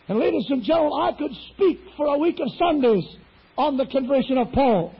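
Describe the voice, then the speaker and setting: Fervent high-voiced husky preacher man. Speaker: pastor. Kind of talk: sermon. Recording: dull lo-fi sound.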